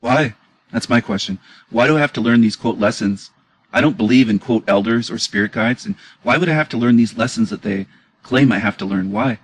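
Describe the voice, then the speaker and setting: A man's voice: mid-range voice, brisk, slight background noise, low-quality recording. A man giving an indignant, emotional reaction commentary on clips, repeating his questions as he argues.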